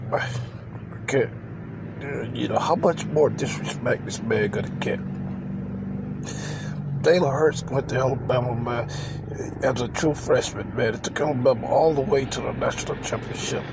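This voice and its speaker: Gravelly man ranting over vehicle noise. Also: medium pitch, moderate pace. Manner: emphatic and repetitive, keeps adding "man"; openly emotional, says he cries on camera. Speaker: channel host. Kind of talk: ranting football reaction vlog.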